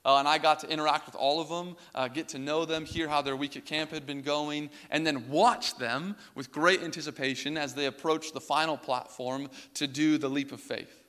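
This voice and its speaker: A man's voice: fairly high pitch, steady tone, moderate pace, few pauses, a bit bright, smooth. A young man preaching a sermon, telling a personal story in a casual way with many filler words. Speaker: pastor. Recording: reverberant hall.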